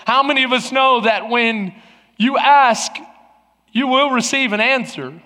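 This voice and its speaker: A man's voice: very high voice, a little slow, sharp tone. A middle-aged male pastor preaching a sermon, telling a personal story with emotional restarts and laughter. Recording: long hall reverb.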